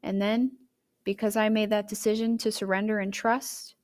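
A young woman hosts her own podcast and tells a personal story straight to her listeners. She talks in a chatty, candid way, with sudden emotive swings in pitch and loudness. Her voice sits at an ordinary middle pitch for a woman. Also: flat delivery, normal speed. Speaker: podcast host.

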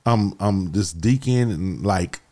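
A man telling his life story as a guest, casual and animated, often saying "bro" as he talks. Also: low-pitched, slow pace. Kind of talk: emotional personal storytelling.

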